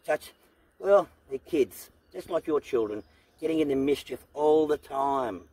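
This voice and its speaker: Outdoors among goats on his farm, a middle-aged Australian homestead vlogger chats casually to camera, rambling earnestly with lots of fillers and restarts. His mid-range voice is warm and slightly rough, a little slow with frequent pauses, on a low-quality recording.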